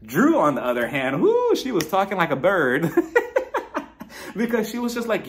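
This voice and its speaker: A man recapping a reality show in a casual commentary. His voice sits fairly high and swings widely as he tells the story and acts out the quotes. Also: huge pitch swings, measured pace, pauses often. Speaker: TV show reviewer.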